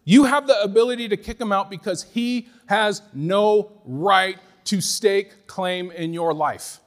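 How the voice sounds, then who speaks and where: High-voiced, emphatic middle-aged male pastor. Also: unhurried, in a large hall. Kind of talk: sermon.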